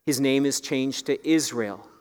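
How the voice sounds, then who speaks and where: A man delivers a sermon from the pulpit, unhurried and earnest, pressing his points home with pleading emphasis. His voice is smooth and resonant, carried by the long echo of a church sanctuary. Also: medium pitch, darkish tone. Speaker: pastor.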